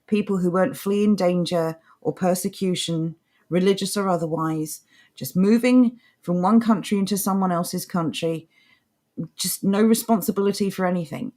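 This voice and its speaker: A woman co-hosting a talk podcast, who reads passages aloud and breaks off to mock them. Her voice sits at an ordinary middle pitch, and her remarks come out dry and sarcastic. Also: darkish tone. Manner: sarcastic, mocking commentary. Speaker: podcast co-host. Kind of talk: casual opinion chat, reading articles aloud.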